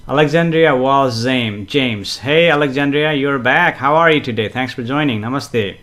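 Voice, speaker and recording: A man in casual live-stream mode, greeting viewers and reading out their comments. He speaks at an ordinary male pitch in an unhurried, conversational way, often saying "uh" and "you know." He explains ideas gently and comes back to the same point more than once. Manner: chatty, relaxed, frequent fillers and soft chuckles; gently explanatory, repeats himself for emphasis. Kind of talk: casual live-stream chat with spiritual teaching.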